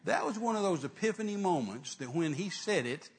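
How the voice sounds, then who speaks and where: Husky man telling a sermon story. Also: high voice, brisk. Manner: animated retelling, acting out dialogue. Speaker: preacher.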